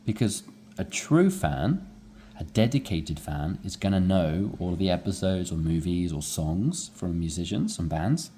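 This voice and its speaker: A man's voice: low-pitched, measured pace, a little hiss or hum. A man teaching English, explaining a dialogue and acting out rising inflection. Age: adult with young children. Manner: animated, demonstrates rising inflection.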